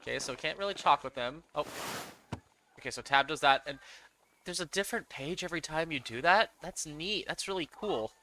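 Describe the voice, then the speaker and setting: A man hosts a casual let's play, thinking aloud and making self-deprecating asides. His voice sits somewhat high. Clear background noise runs under the recording. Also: lively intonation, a little fast, pushed and bright. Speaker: gaming video host.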